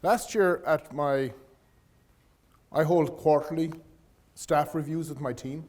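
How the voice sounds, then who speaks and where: A man's voice: on the high side, fairly even intonation, slow, darkish tone. A middle-aged man giving a leadership lecture to students, telling career stories in a conversational way and often restarting his phrases. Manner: anecdotal, restarts phrases, addresses audience directly. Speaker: guest lecturer. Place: lecture hall.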